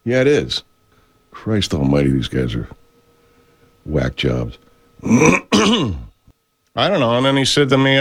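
A man's voice: medium pitch, slightly rough, no echo. A man hosting a radio show, rambling in a profane, meandering monologue that keeps getting sidetracked. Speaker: radio host.

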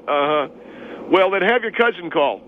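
A man's voice: high voice, animated, normal speed, slight background noise, pitched above the performer's own voice. A man voicing an arrogant, boastful restaurant owner who talks about himself in the third person, heard over a tinny phone line. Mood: taunting. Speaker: show guest.

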